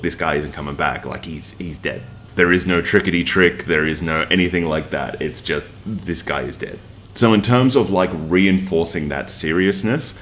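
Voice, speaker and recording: A man's voice: extremely low pitch, fairly bright tone, a little hiss or hum. A man giving a casual, earnest review with lots of filler words and plain emotional investment. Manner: earnest, rambling with many fillers. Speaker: manga reviewer. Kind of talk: casual chat.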